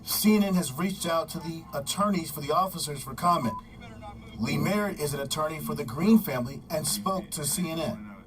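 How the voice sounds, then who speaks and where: A man delivering a scripted news report in a measured, formal way. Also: a little high, animated, far from the mic, rough recording. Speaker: news correspondent.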